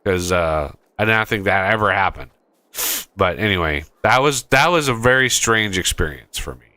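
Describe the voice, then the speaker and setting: Lively, bright-voiced man telling a rambling story. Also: low voice, normal speed, no room sound. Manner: rambling storyteller, stumbling restarts. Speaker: gaming channel host. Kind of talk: casual chat while playing a game.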